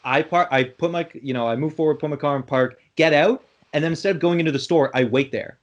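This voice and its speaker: A man's voice: fairly high pitch, fast talker, lo-fi sound, slight background noise. A young man hosting a casual podcast, telling a long story with lots of restarts and swearing. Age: young adult. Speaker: podcast host. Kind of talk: casual chat.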